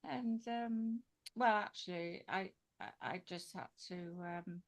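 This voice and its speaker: A woman in an online class, speaking hesitantly and softly on a video call. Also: medium pitch, takes it slowly. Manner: hesitant, soft-spoken. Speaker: class member. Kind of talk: casual chat on a video call.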